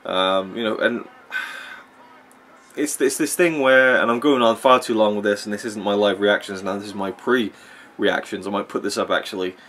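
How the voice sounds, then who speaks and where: A man's voice: lowish voice, steady tone, moderate pace, a bit bright, slight background noise. A man ranting casually about wrestling as he watches a match, opinionated and rambling, with plenty of fillers. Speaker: wrestling vlogger.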